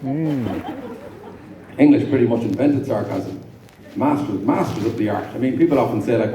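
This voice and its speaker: A man's voice: medium pitch, expressive, moderate pace, long pauses, mellow. Irish man doing dry stand-up in a roomy hall. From Ireland. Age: 50s. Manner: dry, rambling storytelling with chatty asides to the audience. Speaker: stand-up comedian. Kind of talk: live stand-up comedy. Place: live comedy venue on stage. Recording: roomy live venue, mic at a distance, audience noise.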